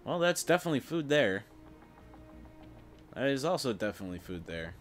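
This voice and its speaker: A man's voice: mid-range voice, big pitch swings, a little fast, soft background music. Frustrated young man swearing at a game. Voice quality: voice cracking. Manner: frustrated, swearing, muttering to himself. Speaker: gameplay streamer. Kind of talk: casual gameplay commentary.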